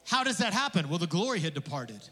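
A male pastor preaches in a lively, conversational way, tossing in jokes and casual asides. His voice sits high and rings bright. The sound carries a long reverb, as if it fills a large sanctuary. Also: fast. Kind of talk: sermon.

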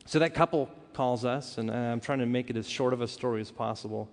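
A man preaching a sermon, telling a personal story with earnest, animated delivery and frequent restarts. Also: mid-range voice, fast talker. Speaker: pastor. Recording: hall reverb.

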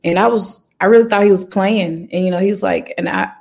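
A woman gospel recording artist, a guest in a conversational interview, telling her story with emotional, animated testimony. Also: medium pitch, fairly quick, vocal fry.

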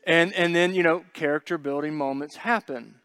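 A male pastor delivers a sermon in a loose, conversational style, slipping in jokes and putting on little voices for the people in his story. His voice sits a bit high for a man and sounds smooth and clear. The sound is close and dry. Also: moderate pace, a bit bright, no echo. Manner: conversational, joking asides, acts out quoted voices.

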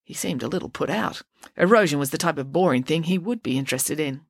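A woman narrating a children's audiobook in a lively, expressive way. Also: low-pitched, fast, creaky, no room sound, studio quality.

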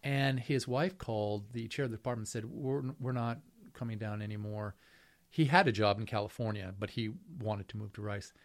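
A man's voice: on the low side, fairly quick, hardly any pauses. A middle-aged man, a professor being interviewed, telling a long story in a wry, rambling way, with many fillers and restarts. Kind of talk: storytelling conversation.

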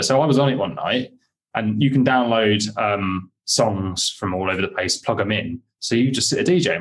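Guest: young man, eager rambling storyteller, mid-pitched, lots of "like". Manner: excited, rambling storyteller with many fillers. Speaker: podcast guest. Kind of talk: casual interview chat.

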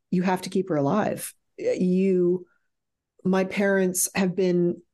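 A woman's voice: fairly low pitch, darkish tone. A middle-aged woman telling a frank, emotional personal story as an interview guest, swearing freely.

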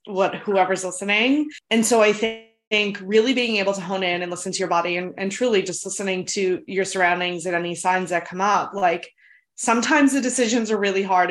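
Chatty woman podcast co-host. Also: mid-range voice. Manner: chatty, laughs easily, many fillers. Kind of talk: casual chat.

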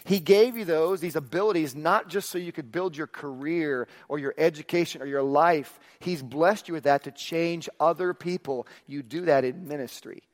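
Male pastor, high voice, emphatic preacher who acts out prayers; long hall reverb. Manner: emphatic, acts out his own prayers aloud. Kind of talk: sermon. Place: large church hall.

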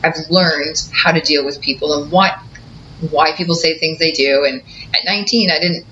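Brief: woman, bright voice, emotional candid storytelling, slightly dull recording with faint hiss. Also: low voice, moderate pace. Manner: emotional, animated retelling with acted quotes.

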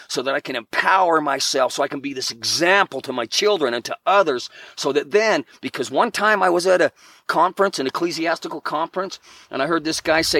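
A man's voice: on the high side, creaky, pushed and bright, a little hiss or hum. A middle-aged man giving an earnest, emphatic motivational talk about wilderness survival and self-improvement. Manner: earnest, emphatic, preachy with repeated exclamations.

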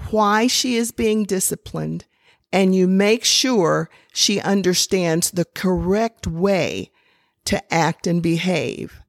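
An older woman giving calm, instructive parenting advice, with personal stories mixed in. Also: mid-range voice, dry recording, studio quality. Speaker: parenting advisor. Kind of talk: slow, measured advice talk.

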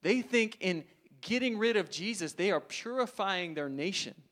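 A male pastor preaching a sermon, telling the story dramatically, swinging from loud emphasis to hushed asides. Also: sits high, animated, moderate pace.

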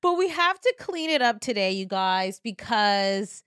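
A woman's voice: mid-range voice, big pitch swings, a little slow, a bit bright, clear, resonant tone, dry recording, studio quality. A woman in her thirties hosting a podcast in casual chat, giggly and playful, joking in mock slang. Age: 30s. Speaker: podcast host. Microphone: studio mic.

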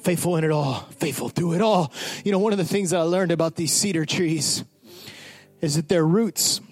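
A male pastor preaching with passion, rising to shouts and dropping to whispered, chanted repetitions. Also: a little high, moderate pace, faint music behind. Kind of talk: sermon.

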